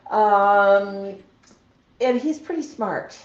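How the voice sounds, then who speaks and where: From home, a woman livestreams casually, cooing and baby-talking to her pet parrots before chatting plainly with viewers. Her voice is medium-pitched and very slow, and the recording sounds dull and roomy.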